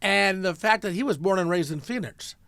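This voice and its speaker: A man's voice: high voice, a little fast, gravelly, sharp tone, dry recording, studio quality. A man hosting a casual interview, telling chatty personal anecdotes. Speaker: interview host.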